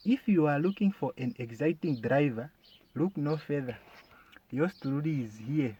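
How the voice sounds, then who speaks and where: A man performing a stand-up comedy monologue, animated and bursting into loud shouted calls. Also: medium pitch, normal speed, husky, no echo. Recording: dull lo-fi recording.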